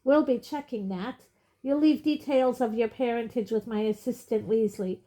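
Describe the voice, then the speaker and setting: A woman's voice: fairly high pitch, normal speed, close to an everyday voice. A woman reading aloud, voicing a pompous, impatient man of power who speaks loftily and snaps. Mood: lofty. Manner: lofty, snappish, loud. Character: pompous plump male minister, impatient.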